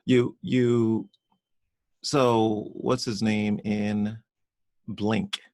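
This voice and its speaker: Gravelly man telling a story. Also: fairly low pitch, drawn-out words, no echo. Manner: repeats and restarts words, animated when telling stories. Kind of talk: casual conversation, personal storytelling.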